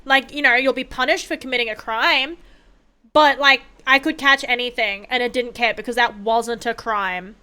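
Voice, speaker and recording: A young woman streams a game and talks her way through it, rambling, swearing and bursting into excited shouts. Her voice sits high and sounds bright and crisply clean. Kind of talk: casual gameplay chat.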